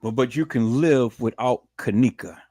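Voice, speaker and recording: A man's voice: mid-range voice, moderate pace, warm tone, no echo, studio quality. A man giving angry commentary, swearing and repeating himself as he rants at the woman in the clip. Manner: furious, profane, repetitive ranting. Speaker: live stream commentator.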